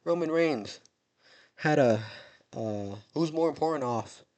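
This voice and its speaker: A man's voice: a little high, animated, slow, darkish tone. Joking, rambling young man. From United States. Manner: joking, rambling, mock-dramatic. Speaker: wrestling show recap host. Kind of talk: casual chat.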